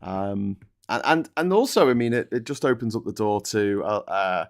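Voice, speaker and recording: A man's voice: lowish voice, animated, moderate pace. A man hosting a casual political chat show, sarcastic and sweary, slipping into mocking voices. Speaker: podcast host.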